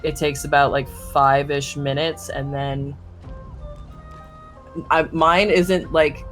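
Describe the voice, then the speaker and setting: A man's voice: on the high side, level tone, takes it slowly, a bit bright, soft background music. Tipsy Irish-American man rambling. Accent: mixed Irish and American. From Ireland. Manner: rambling, self-interrupting, loopy. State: tired and tipsy. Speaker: podcast co-host. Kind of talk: casual late-night chat.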